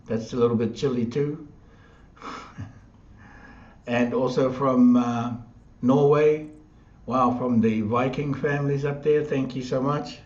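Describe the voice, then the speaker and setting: A man's voice: medium pitch, darkish tone. Cheery guy hosting a live stream, laughs a lot, roomy echo, kinda muffled. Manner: upbeat, laughs easily. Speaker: host. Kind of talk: live online chat.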